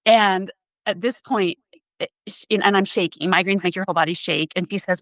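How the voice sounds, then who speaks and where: A woman's voice: mid-range voice, moderate pace, fairly bright tone, no room sound, low-quality recording. A woman physician assistant, a podcast guest, telling a personal story in an earnest, emotional way.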